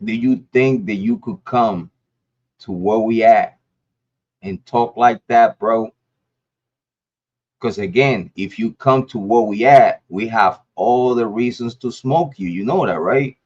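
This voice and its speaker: A man's voice: on the low side, slow, a little mellow. A man from Ohio giving an angry, profane rant to the camera as a YouTube commentator, often stumbling and repeating words. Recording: dull lo-fi audio.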